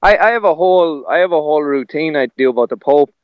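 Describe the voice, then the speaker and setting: A man who works as a stand-up comedian, talking in a relaxed, rambling way. His voice sits somewhat high and comes through smooth and clear. The recording is dry and a little dull. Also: fast, no room sound. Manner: rambling, with restarts and laughs. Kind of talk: casual conversation.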